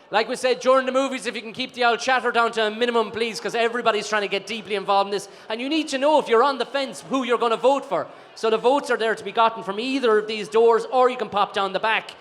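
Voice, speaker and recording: A man's voice: extremely high pitch, fairly bright tone, a little hiss or hum. A man hosting a live film night, upbeat and teasing. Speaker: host.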